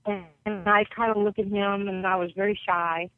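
Speaking with a medium pitch and steady tone at a moderate pace, a basketball coach from New York shares personal stories as a podcast guest. She's a vivid storyteller who performs the voices of those she quotes. It comes through a tinny, dry phone line without echo.

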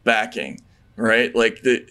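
A man's voice: on the low side, slow pace, pushed and bright. A man co-hosting a political talk podcast, speaking earnestly and worriedly, with frequent restarts and stammered repeats. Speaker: podcast co-host. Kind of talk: casual political chat.

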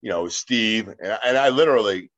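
Man in his 50s, interview guest, low voice, loose storytelling with lots of fillers, slightly dull lo-fi sound. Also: moderate pace, fairly bright tone. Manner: rambling anecdotes with many fillers. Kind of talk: casual storytelling.

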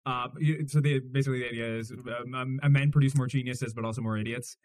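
A male podcast host builds his questions slowly, stumbling over his words and restarting them. His voice is pitched at an average level. The recording is dry, with no room sound. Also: fairly even intonation, darkish tone, no room sound. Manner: halting, stammering as he forms questions. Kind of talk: interviewing, casual chat.

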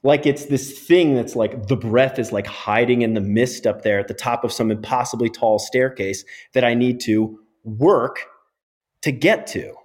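A middle-aged man, a physiotherapist guest on a podcast interview, explaining in an animated and emphatic way. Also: mid-range voice, unhurried.

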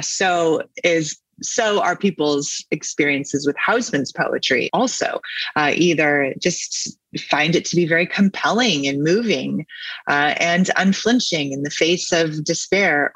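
A man's voice: fairly high pitch, pushed and bright, no room sound, rough recording. A man hosting a poetry podcast, explaining a poem in a thoughtful, musing way and then reading it aloud. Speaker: podcast host.

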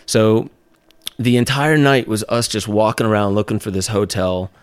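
Smooth, low-voiced man telling a story. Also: normal speed, no echo. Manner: lively anecdotal telling, laughs and fillers. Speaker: podcast guest, documentary maker on a speaking tour. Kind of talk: casual storytelling in an interview.

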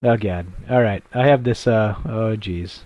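A man's voice: fairly low pitch, unhurried, a little mellow, dry recording. A man hosting a casual late-night radio talk show from a laptop while on the road, rambling and poking fun at his own stumbles. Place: traveling, broadcasting from a laptop.

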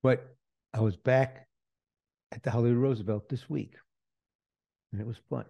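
A man's voice: mid-range voice, steady tone, moderate pace, vocal fry, mellow. A man hosting a podcast, talking casually in a loose, rambling way with asides. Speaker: podcast host.

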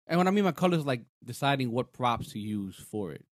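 A man co-hosting a casual show chat, talking in an animated, rambling way with lots of fillers. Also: medium pitch, fairly quick, no room sound, studio quality. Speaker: podcast co-host. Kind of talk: casual chat reviewing a TV episode.

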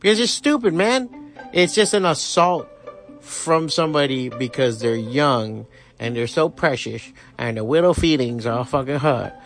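A man's voice: mid-range voice, lively intonation, a little slow, soft background music. A man hosting a podcast, ranting with heavy swearing and sarcastic asides. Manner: heated, sarcastic, swears constantly. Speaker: podcast host. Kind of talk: profane ranting commentary.

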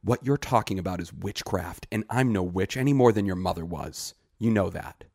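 A man reading a short story aloud and voicing a wary village herb woman who scolds in hushed tones. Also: sits low, normal speed, slightly rough, no room sound, studio quality. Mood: urgent, scolding.

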